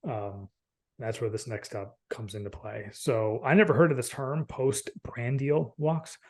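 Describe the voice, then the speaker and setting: Male podcast host, mid-pitch, casual and animated, chatty interviewer. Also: measured pace. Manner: animated, laughs easily, uses many fillers.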